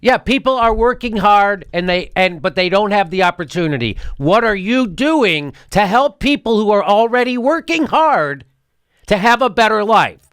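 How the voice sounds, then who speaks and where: Sarcastic high-voiced man ranting. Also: lively intonation, moderate pace, fairly bright tone, clear, resonant tone, dry recording, studio quality. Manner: sarcastic, mocking, laughs often. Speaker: political commentary show host. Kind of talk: ranting political commentary.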